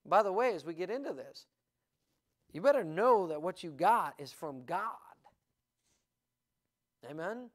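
A man's voice: high-pitched, expressive, measured pace, long pauses. A man preaching a sermon as pastor of a church, earnest and building in energy, with restarts and fillers as he talks. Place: church sanctuary.

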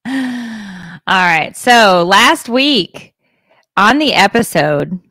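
A woman's voice: medium pitch, lively intonation, drawn-out words, sharp tone, dry recording, clean studio sound. A woman co-hosting a podcast at home, chatting casually in a rambling way with crude jokes. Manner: rambling, laughing, crude joking. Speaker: podcast co-host. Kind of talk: casual chat. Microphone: podcast microphone.

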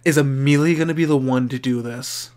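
A man giving casual, excitable reaction commentary as an anime reviewer, swearing and thinking aloud, openly moved. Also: mid-range voice, a little fast, smooth, soft background music. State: emotionally moved.

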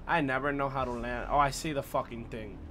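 A young man streaming a shooter game live, swearing and trash-talking through casual commentary with sudden loud outbursts. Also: medium pitch, steady tone, fairly quick, a little hiss or hum. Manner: profane, loud, reacts with outbursts and trash talk. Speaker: gaming streamer.

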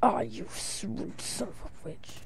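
A woman giving casual commentary while playing a shooter, rambling and jokey, her voice jumping into high excited bursts. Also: takes it slowly, creaky, a little hiss or hum. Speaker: let's play commentator.

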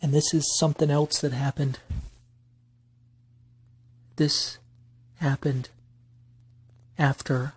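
With no room sound, a vlogger speaks in a fairly high, husky, level voice, slowly and with frequent pauses. His late-night rant is rambling and repetitive, full of restarts, and his sense of grievance builds into bursts of angry swearing.

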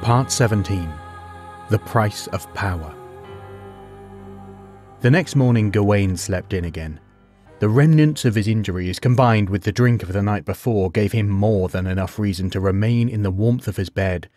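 A man narrating a bedtime story in a measured, unhurried way. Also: lowish voice, a little mellow, no echo.

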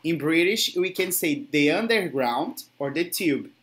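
An English teacher with a Brazilian Portuguese accent and native Portuguese, giving an online lesson, encouraging and quick to laugh. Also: mid-range voice, animated. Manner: encouraging, laughs often, slow explanations.

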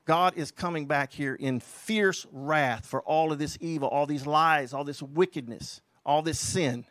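A man preaching a fiery, emphatic sermon as a pastor and quoting scripture forcefully. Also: a little high, a little slow, no room sound.

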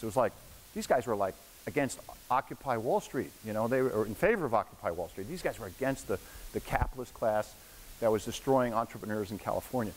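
This guest lecturer, a man in his sixties, talks briskly with lively intonation at medium pitch. His anecdotal storytelling lecture in a university hall is casual, he adopts voices for quotes, and the recording has echo and faint hiss.

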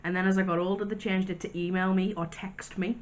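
A woman in a casual vlog, reviewing sweets and crisps in a chatty, wry way with little asides. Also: mid-range voice, level tone, fairly quick, highs cut off. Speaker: vlogger.

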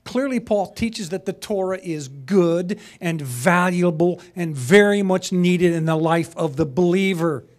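A man's voice: high-pitched, a little slow, hardly any pauses. A man teaching a sermon-style lesson, conversational and passionate, rising to emphatic peaks. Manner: conversational asides, chuckles.

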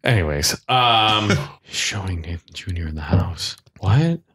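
A man's voice: deep voice, lively intonation, a little slow, a bit bright. A young man co-hosting a movie podcast in casual chat, throwing in playful jokes. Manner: jokey, playful asides. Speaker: podcast co-host.

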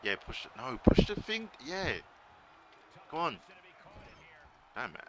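A man streaming a wrestling video game live, excitedly commentating, swearing and shouting at the screen. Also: on the high side, takes it slowly, heavy background noise. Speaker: gaming streamer.

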